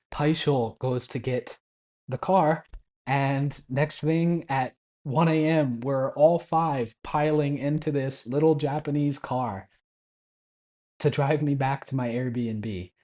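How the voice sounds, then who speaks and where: Mellow, unhurried young man telling a story. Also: medium pitch. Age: 20s. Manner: chatty, laughs often while telling; acts out quoted Japanese phrases. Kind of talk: casual spoken travel story.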